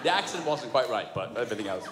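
A middle-aged man performing a fast, animated stand-up comedy routine, slipping into put-on voices. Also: medium pitch, crowd noise. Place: large venue with audience. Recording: echoey hall with audience ambience.

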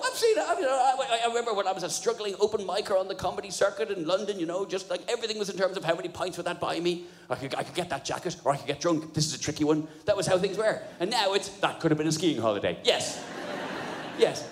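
A man, performing a sardonic, sweary stand-up routine at a live comedy venue on a stage mic. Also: sits high. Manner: sardonic, sweary, animated storytelling. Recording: echoey live room with audience noise.

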